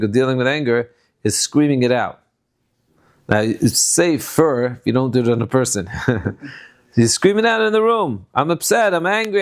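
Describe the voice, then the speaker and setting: A man, a rabbi, giving a conversational Torah lecture. He sprinkles in Yiddish and Hebrew terms and acts out quotes with sudden high bursts. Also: darkish tone.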